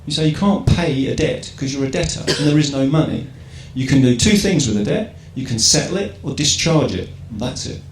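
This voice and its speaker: An English man with a mid-range voice delivers an informal talk to a live crowd in an event hall, speaking briskly and animatedly with few pauses. He's a conversational public speaker who asks rhetorical questions and keeps checking in with "right?". The hall is echoey with faint ambience, and there's a little hiss or hum.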